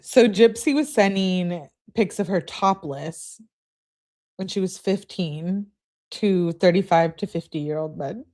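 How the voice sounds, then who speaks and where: A woman's voice: fairly low pitch, slow, darkish tone. Blunt woman reading and commenting. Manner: blunt, exasperated asides. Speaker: host.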